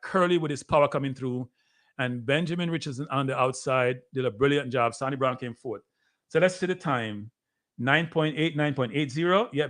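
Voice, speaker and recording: Jamaican male streamer, animated race caller, talks straight to his viewers. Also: on the high side. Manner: excitable, chatty, calls out to viewers. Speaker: livestream host. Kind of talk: live sports watchalong commentary.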